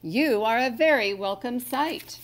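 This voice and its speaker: A woman voicing Santa, a jolly, grateful old man in a storybook, speaking heartily and exclaiming warmly. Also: a little high, lively intonation, measured pace, voice pushed up. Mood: calling.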